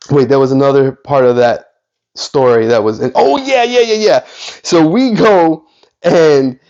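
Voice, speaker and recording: A man hosting a card collecting vlog, telling a rambling story with many self-corrections and lively quotes of other people. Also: a little high, muffled recording. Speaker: card collecting channel host.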